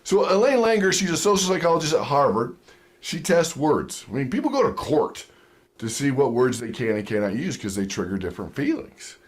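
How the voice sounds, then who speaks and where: A man's voice: medium pitch, a little fast. A man giving a sales training lecture, telling stories and acting out quotes with chuckles. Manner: animated storytelling with acted-out quotes and chuckles. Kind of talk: lively seminar lecture.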